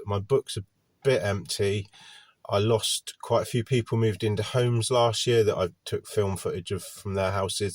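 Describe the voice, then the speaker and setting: A man's voice: on the low side, no echo. An English man rambling glumly to camera in a casual vlog rant while getting over a cold, sitting in his van. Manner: glum, candid, wandering talk. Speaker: gardener vlogger. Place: parked van by a park.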